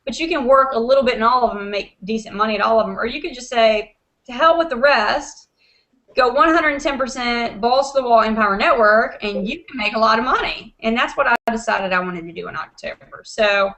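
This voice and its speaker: A woman talks from her desk at home over a video call. Her voice has a gravelly rasp and a sharp brightness. She tells her story in a lively way, scattering "you know" and acting out what others said. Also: a little high, brisk, poor audio. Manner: animated, acts out quotes, many fillers like "you know". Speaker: host of an online video hangout. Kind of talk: casual excited storytelling.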